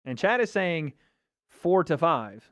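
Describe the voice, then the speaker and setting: A man's voice: on the high side, sing-song, takes it slowly, no echo, studio quality. A man hosting a casual livestream watch party, chatting and reacting to viewer comments. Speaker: livestream host.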